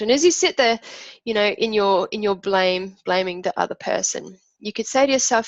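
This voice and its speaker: A woman's voice: mid-range voice, brisk, no room sound, muffled recording. Earnest woman coaching through emotions. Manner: speaks in imagined inner voices, earnest and reflective. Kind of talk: talk teaching an emotional technique.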